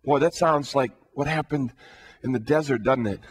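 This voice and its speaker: A man's voice: medium pitch, normal speed, breathy edge. A man preaching a sermon in an earnest way, asking the listeners questions and often repeating words as he builds a thought.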